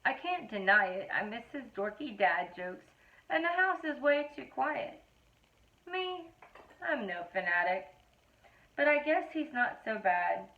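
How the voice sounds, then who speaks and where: A woman with a fairly high voice reads children's rhymes aloud, her pitch leaping up and down as she plays up every joke. She takes her time, letting each line land slowly. The sound is thin and tinny, like a phone line. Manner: playful, animated storytelling delivery. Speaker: reader of a children's poetry book. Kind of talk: expressive read-aloud of children's verse.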